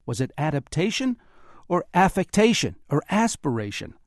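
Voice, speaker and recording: A man's voice: on the high side, very animated, normal speed, dry recording, clean studio sound. A man hosting a radio talk show, narrating scripted segments and questioning guests. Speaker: radio host.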